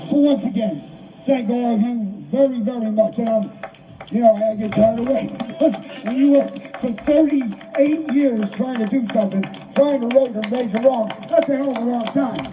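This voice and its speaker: A mellow, high-pitched older man speaks at an outdoor rally, his words emotional and repetitive. The distant mic picks up faint background noise.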